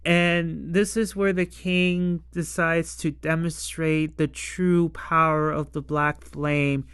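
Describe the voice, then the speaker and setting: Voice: mid-range voice, fairly bright tone, clean tone, no room sound, clean studio sound. A casual reviewer talking through a TV episode, rambling with lots of "like" and laughing often.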